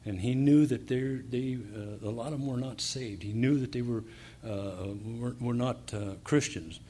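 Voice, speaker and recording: A preacher reads passages and explains them, his delivery broken by pauses, fillers, and restarts until it swells into fervent emphasis. The voice is mid-range and mellow, with a little hiss or hum on the recording.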